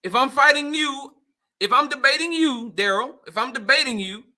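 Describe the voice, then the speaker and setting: A man's voice: very high voice, moderate pace, sharp tone. A young man hosting a casual livestream debate, talking heated and slangy, repeating himself and often laughing. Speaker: host.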